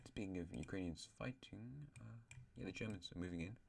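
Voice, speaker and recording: A man's voice: low-pitched, a little fast, creaky, breathy edge. A male host casually narrating an alternate-history map, rambling with asides and correcting himself.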